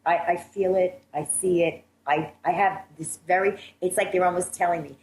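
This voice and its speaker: Woman, radio host, low-pitched, emphatic, echoey room, faint hiss. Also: steady tone, moderate pace, darkish tone. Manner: earnest, emphatic, laughs often. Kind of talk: radio talk show chat.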